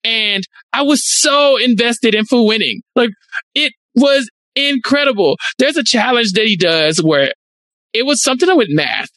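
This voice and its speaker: A man chatting casually as a podcast co-host, animated, telling a story full of "like" fillers. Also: very high voice, a little slow, no room sound. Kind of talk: casual chat.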